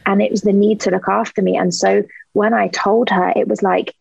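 Woman guest, raspy bit of fry, earnest, dry dull audio. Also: mid-range voice, flat delivery, a little fast, a crowd in the background. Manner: earnest, thoughtful, searching for words. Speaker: podcast guest. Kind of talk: candid interview talk.

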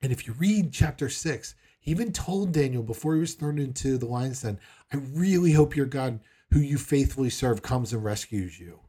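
A man's voice: medium pitch, animated, moderate pace, dark tone, breathy edge. A man preaching a sermon in a conversational way, acting out the people he quotes. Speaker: pastor.

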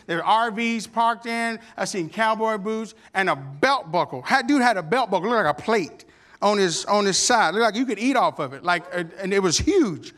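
A married man preaching a sermon, telling a funny personal story that builds into animated, shouted calls to worship. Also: high-pitched, normal speed.

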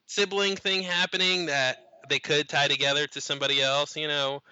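Bright, clear-voiced man chatting casually. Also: a little high, steady tone, moderate pace, lo-fi sound. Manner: playful, laughs often, does mock voices. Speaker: podcast host. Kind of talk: casual chat.

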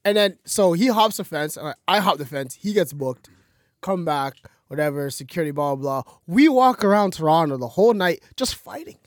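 A man in his twenties backing up a friend's story, excitable and quick to laugh. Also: on the high side, no room sound. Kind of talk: casual chat.

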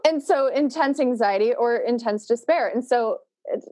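A woman's voice: fairly high pitch, moderate pace, dark tone, dry recording. A woman hosting, thoughtfully summarizing her guest's points and asking probing questions. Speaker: podcast host. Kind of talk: reflective interview talk.

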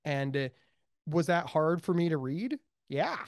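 An American man being interviewed as a mental health advocate, speaking emphatically and with high energy, repeating words for stress. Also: animated, measured pace, no room sound, clean studio sound. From United States. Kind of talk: animated interview talk.

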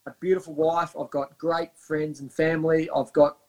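Earnest Australian man, higher voice. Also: little pitch movement, normal speed, darkish tone. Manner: earnest, reflective, with many fillers. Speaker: podcast guest, wellbeing coach. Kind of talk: casual interview chat.

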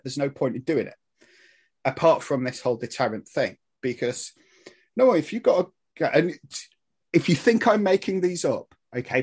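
A man explaining history in casual podcast chat, animated and swearing, laughing at his own points. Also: a little high, husky. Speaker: guest historian.

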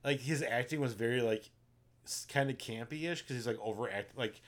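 A man's voice: medium pitch, normal speed. A man co-hosting a casual podcast, retelling movie plots at length with many ums and likes. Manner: rambling, filler-heavy retelling. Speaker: podcast co-host. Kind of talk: casual chat about movies.

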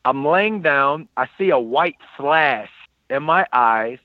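A man in his thirties casually telling a personal story, animated and acting out what others said. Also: mid-range voice, slow, no room sound, phone-quality sound. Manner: animated, quotes people in lively voices.

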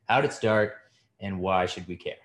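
A man hosting a podcast, asking probing questions and thinking out loud in casual chat. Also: low-pitched, moderate pace. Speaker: podcast host.

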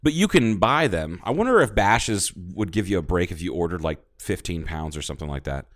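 A man with a low voice chats on a podcast, blunt and quick to swear as he jokes. His voice sounds close and dry, with no room around it. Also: expressive, a bit bright, no room sound. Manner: profane, blunt, joking. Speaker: podcast co-host. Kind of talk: casual chat.

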